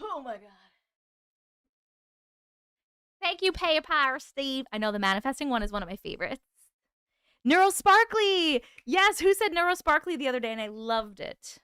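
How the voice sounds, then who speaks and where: Bubbly woman chatting w her stream, lively high voice, super dry close sound. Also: brisk, no echo. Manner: bubbly, thanks chatters by name, laughs often. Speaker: livestream host. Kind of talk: casual live-stream chat.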